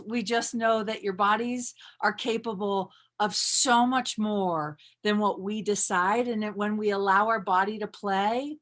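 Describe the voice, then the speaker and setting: A woman in her thirties talking casually and with bubbly energy as a workshop leader, with lots of fillers. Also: medium pitch. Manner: bubbly, animated, frequent fillers. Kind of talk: casual live-stream talk.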